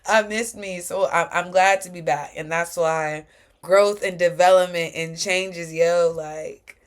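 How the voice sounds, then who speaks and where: A woman's voice: lowish voice, fairly even intonation, a little slow, clear, resonant tone. A woman hosting her own podcast, speaking in a heartfelt, preachy solo reflection full of slang. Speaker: podcast host.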